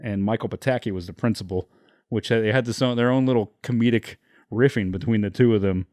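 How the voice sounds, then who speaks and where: A man's voice: fairly low pitch, brisk, darkish tone, no echo, clean studio sound. A man co-hosting a podcast, talking casually with lots of fillers, swearing and frequent laughter. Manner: rambling, profane, laughs often, many fillers. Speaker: podcast co-host. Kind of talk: casual chat.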